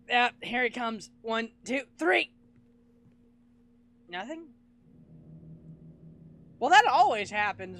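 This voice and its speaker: A man's voice: high-pitched, fairly bright tone. A man playing a horror game and commenting nervously, swearing and laughing as he goes. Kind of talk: let's play commentary, reading game text aloud.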